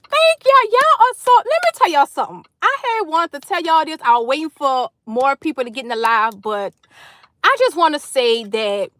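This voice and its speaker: A woman's voice: high voice, a bit bright, no echo. A woman hosting a casual livestream from her car in a carpool line, talking effusively to her viewers and greeting them by name. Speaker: livestream host. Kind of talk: casual live chat with viewers.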